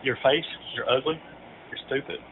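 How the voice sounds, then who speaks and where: A man's voice: medium pitch, fairly even intonation, normal speed. A man on a prank call, mocking and goading a stranger with crude insults. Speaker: prank caller. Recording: noisy phone-line audio.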